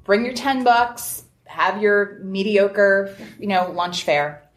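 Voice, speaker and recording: A woman speaking on a convention panel, telling lively stories and acting out the dialogue she quotes. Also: medium pitch, takes it slowly. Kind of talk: panel discussion, anecdotal and animated. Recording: roomy convention room with faint noise.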